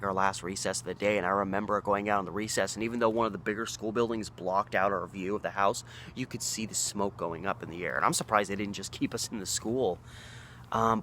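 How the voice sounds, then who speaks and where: A man in his thirties from Oregon with a lowish voice tells a story casually. He rambles, restarts his sentences and acts out what others said. A faint hiss sits under the recording. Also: sharp tone. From Oregon, USA. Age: 30s. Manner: rambling, with frequent restarts and acted-out quotes. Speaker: local history storyteller.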